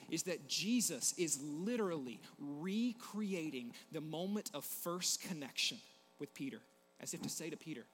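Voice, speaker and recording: A man preaching a sermon, swinging between loud emphasis and hushed, intimate passages. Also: a little high, expressive, moderate pace, long reverb tail, a little hiss or hum.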